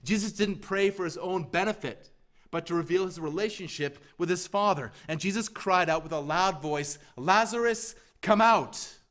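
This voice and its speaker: Emphatic preacher man, higher voice. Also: normal speed. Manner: emphatic, repeated rhetorical questions, swings from loud to hushed. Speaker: pastor. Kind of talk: sermon.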